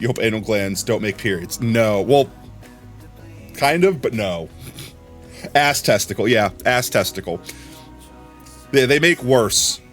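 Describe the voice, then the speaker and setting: A man's voice: medium pitch, a bit bright. A man chatting casually on a live stream, rambling from topic to topic and laughing often.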